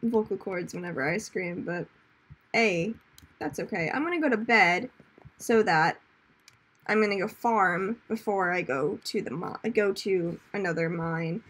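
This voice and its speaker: A young woman streaming a game, chatting casually, reading chat aloud, laughing often and breaking into loud screams at enemies. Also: mid-range voice, unhurried, husky. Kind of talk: casual gaming commentary.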